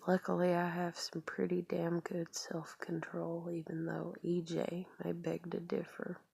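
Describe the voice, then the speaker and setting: A woman's voice: fairly low pitch, completely flat delivery, unhurried, gravelly, mellow, husky, no echo. A woman talking in a rambling confessional vlog, full of fillers and trailing off into whispered asides. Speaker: vlogger.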